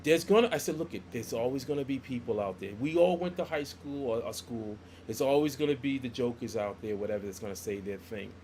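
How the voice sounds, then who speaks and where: A man's voice: mid-range voice, fairly quick, few pauses, slight background noise. A middle-aged man, a comic book artist, telling stories in a casual podcast chat and acting out the dialogue he quotes. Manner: animated storyteller who acts out quoted dialogue.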